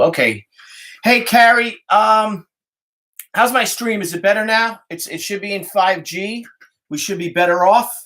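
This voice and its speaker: A man's voice: high voice, fairly bright tone. Rambling New York Italian-American man. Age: middle-aged. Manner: rambling, swears freely, greets viewers by name. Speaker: comic artist hosting a livestream. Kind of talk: casual livestream chat. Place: indoors, home studio with art supplies. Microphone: phone.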